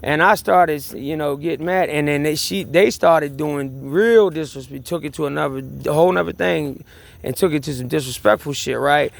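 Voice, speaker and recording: A man's voice: a little high, normal speed, creaky. A man telling a story in a rambling personal rant, agitated and profane, repeating himself and restarting sentences. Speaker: vlogger.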